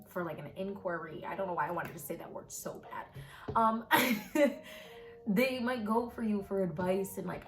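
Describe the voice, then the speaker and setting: A woman giving a casual tarot reading to camera, rambling and filled with repeated words and fillers. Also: lowish voice. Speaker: tarot reader. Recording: roomy echo with faint background music.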